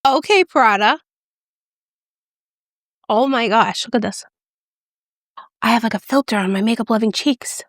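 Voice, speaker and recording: A bubbly, excitable woman chatting through a makeup review and demo, gushing over each shade. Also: fairly high pitch, unhurried, long pauses, no echo, studio quality. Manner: drops to a whisper when excited. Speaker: beauty vlogger. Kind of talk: casual product review and demo.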